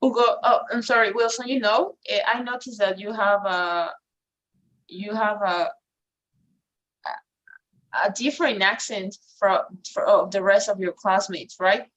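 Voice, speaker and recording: Slow, hesitant woman teaching English. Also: mid-range voice, steady tone, a bit bright, low-quality recording. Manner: slow, hesitant, non-native English with many fillers. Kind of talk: online class.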